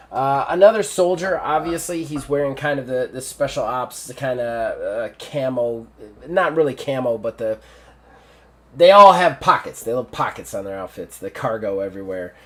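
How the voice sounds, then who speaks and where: A man's voice: medium pitch, slight background noise. A man narrating a tabletop game as game master, in a casual, loose way. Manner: casual, many fillers and restarts.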